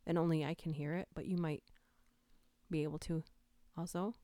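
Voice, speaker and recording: Woman, livestream host, casual giggly chat, slightly lower pitch, smooth clear voice, dry close mic. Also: fairly even intonation, moderate pace, dark tone, no room sound. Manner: giggly, chatty, whispers the creepy lines. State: stuffy nose from allergies. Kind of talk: casual livestream chat, reading creepy lines aloud. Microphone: close microphone.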